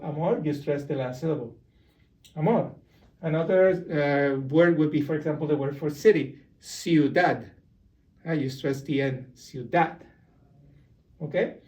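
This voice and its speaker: Brief: male teacher, higher-pitched voice, patient and explanatory, slightly off-mic at a whiteboard. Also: a little mellow, recorded from a distance. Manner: slow, explanatory, repeats example words. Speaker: Spanish teacher. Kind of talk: beginner language lesson. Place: room with a whiteboard.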